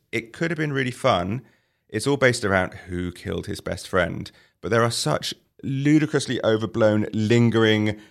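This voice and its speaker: A man's voice: on the low side, vocal fry. A man reviewing a film on a casual podcast, telling the plot in a wry, sarcastic way with punchlines. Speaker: arts editor reviewing films.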